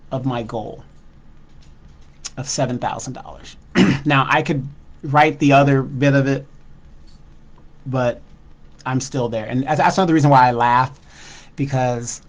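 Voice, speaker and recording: A middle-aged man talking casually to his viewers in a vlog, rambling and candid, with frequent ums and restarts. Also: mid-range voice. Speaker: channel host.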